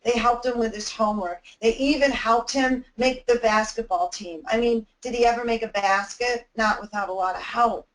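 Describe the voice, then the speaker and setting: A woman's voice: fairly high pitch, poor audio. A woman giving an anti-bullying webinar talk, telling a personal story in an earnest, heartfelt way.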